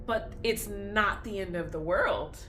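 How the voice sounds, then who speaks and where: A woman's voice: medium pitch, unhurried, sharp tone, slight background noise. A young woman talks candidly in a personal vlog, confessional and tearful, laughing through tears as her feelings swing back and forth. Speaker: vlogger.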